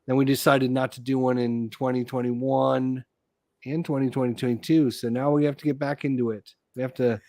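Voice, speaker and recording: A man hosting a relaxed live chat, talking at a middling pitch and wandering off mid-thought to search his memory. His voice is recorded dry and close, with no room sound around it. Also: normal speed, no room sound. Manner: rambling, loses his train of thought. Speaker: podcast host.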